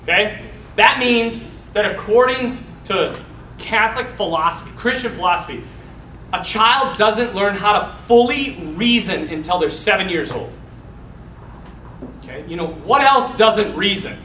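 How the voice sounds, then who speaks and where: Animated priest telling laughing stories. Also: male voice, high-pitched, a little slow, reverberant, a little hiss or hum, rough recording. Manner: animated, laughs often, jokes, side stories. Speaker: Catholic priest. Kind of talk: casual storytelling to listeners.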